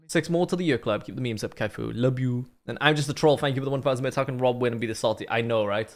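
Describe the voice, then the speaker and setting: A man's voice: mid-range voice, quick pace. A man hosting a casual gaming stream, bantering with friends and reading out donations. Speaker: streamer host.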